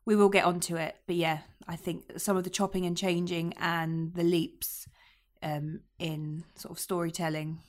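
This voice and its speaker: A woman co-hosting a casual review podcast, talking thoughtfully and hesitantly with many pauses. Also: lowish voice, level tone. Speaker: podcast co-host.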